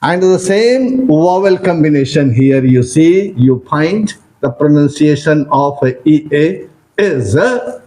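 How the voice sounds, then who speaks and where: Man, high voice, very slow, spelling letters out, drilling pronunciation. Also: animated, dark tone, poor audio. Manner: slow, drawn-out spelling and repeating of sounds. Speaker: English teacher. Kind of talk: pronunciation lesson.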